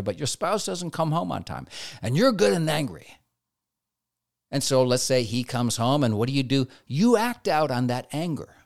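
Conversational man teaching about emotions. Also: mid-range voice. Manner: acts out everyday dialogue in quoted asides.

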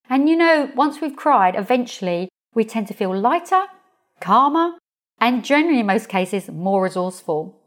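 A woman hosting her own podcast as a coach, talking straight to listeners with expressive, playful storytelling. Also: on the high side, measured pace. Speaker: podcast host, coach and hypnotherapist. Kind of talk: solo podcast monologue.

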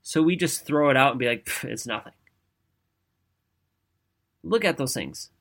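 A man giving an energetic, conversational motivational talk, often checking in with "right?". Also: mid-range voice, brisk. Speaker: motivational speaker.

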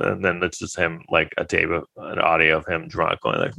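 Low-voiced man rambling sarcastically. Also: little pitch movement, normal speed, gravelly, hardly any pauses, bright, forceful tone. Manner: rambling, heavy use of filler words; sarcastic, incredulous. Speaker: vlogger giving trial commentary. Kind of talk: casual rambling commentary.

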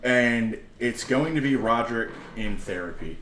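A man co-hosting a casual podcast, recapping a segment with animated, excitable storytelling. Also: medium pitch, moderate pace, a little hiss or hum. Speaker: podcast co-host. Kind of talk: casual wrestling podcast chat. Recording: echoey room, distant mic.

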